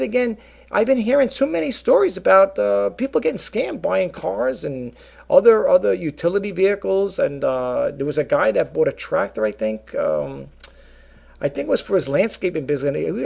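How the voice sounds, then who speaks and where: A man's voice: high-pitched, very animated, fairly quick, gravelly, a little mellow, breathy edge. A middle-aged man rambling casually to his viewers, full of fillers and asides, calling them folks. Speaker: vlogger and eBay reseller. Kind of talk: casual rambling talk to camera.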